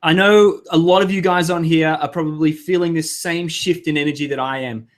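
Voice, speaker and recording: A man's voice: on the high side, fairly even intonation, a little fast. A man hosting a live webinar, chatty and flustered, swearing and laughing at himself over tech trouble. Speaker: webinar host. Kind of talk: casual live webinar talk.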